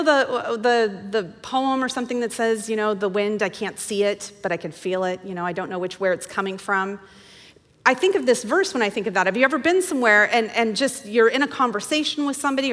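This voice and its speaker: A woman's voice: a little high, fairly bright tone, long reverb tail. A woman teaching a women's Bible study in a chatty, enthusiastic way, often correcting herself mid-sentence. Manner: conversational, self-correcting, enthusiastic.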